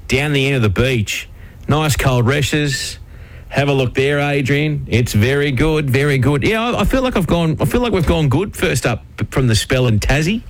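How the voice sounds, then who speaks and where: An Australian man hosting a radio show, his voice pitched a touch high. He keeps up easy, matey banter with callers, often laughing. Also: animated, moderate pace. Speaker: radio host. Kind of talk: casual radio chat with callers.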